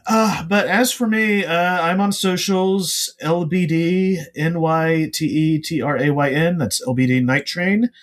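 A man's voice: a little high, fairly even intonation, measured pace, few pauses. A man who is a guest on a podcast, a comics writer, chatting casually and rambling with lots of filler sounds.

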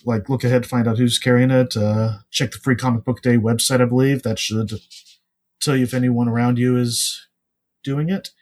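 Rambling man full of fillers. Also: mid-range voice. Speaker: podcast guest, comics writer. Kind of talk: casual podcast chat.

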